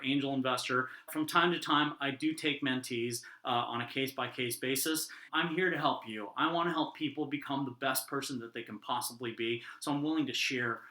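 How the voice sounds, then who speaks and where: A man's voice: medium pitch, brisk, few pauses, sharp tone. A man who works as a business mentor and angel investor gives casual, upbeat advice to camera, chatty and full of fillers. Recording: roomy echo with faint guitar music.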